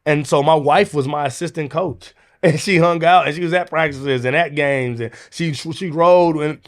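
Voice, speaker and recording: A man in his thirties from the United States hosts a motivational podcast. He talks in a lively, conversational way and drops casual slang. His voice sits a little on the high side. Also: normal speed. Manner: animated, conversational, laughs often, casual slang. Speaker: podcast host.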